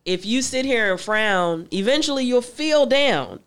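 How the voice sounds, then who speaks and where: A woman host in casual chat, speaking in a calm, reflective way. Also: a little high, unhurried, clear, resonant tone.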